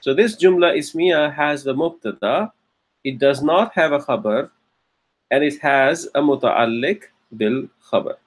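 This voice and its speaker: Male teacher, fairly high and a bit husky, patient classroom lecture with frequent check-ins. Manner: slows down and stresses key terms. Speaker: Arabic grammar teacher.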